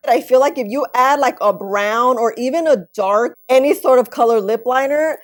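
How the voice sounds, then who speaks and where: A woman's voice: on the high side, moderate pace. A young woman chatting casually to camera as a beauty vlogger, upbeat and talking while she eats, at home by a window.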